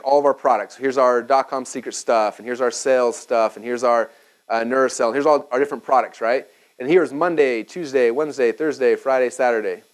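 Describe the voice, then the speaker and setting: Guy rattling thru a business seminar at a whiteboard, quick and excitable, keeps asking okay? right?. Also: mid-range voice, low-quality recording. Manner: energetic, chatty, frequent "okay?" and "right?" check-ins. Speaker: speaker teaching business marketing. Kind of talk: live seminar teaching with a whiteboard.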